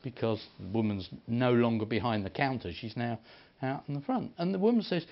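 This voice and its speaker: A man preaching, telling stories in an animated way and acting out the people he quotes. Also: mid-range voice, brisk, vocal fry. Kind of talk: sermon storytelling. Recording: dull lo-fi recording.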